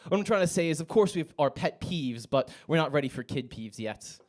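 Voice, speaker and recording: A young American man works a comedy club stage on a handheld mic, his voice sitting a little high for a man. He delivers his stand-up set wryly, mocking himself, and now and then breaks into sudden high yelps. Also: animated, a little fast.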